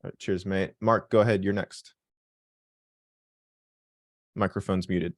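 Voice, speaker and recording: A man's voice: sits low, steady tone, measured pace, long pauses, no echo, clean studio sound. A man hosting a live trading session, talking bluntly, joking and swearing freely as he explains his trades. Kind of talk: live call-in session, casual profanity.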